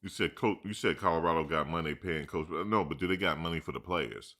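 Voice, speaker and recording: Deep-voiced, bright, slangy man riffing. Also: fairly quick. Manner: loose and animated, peppered with "dude" and slang, laughs often. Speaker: live stream host. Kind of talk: casual live chat commentary.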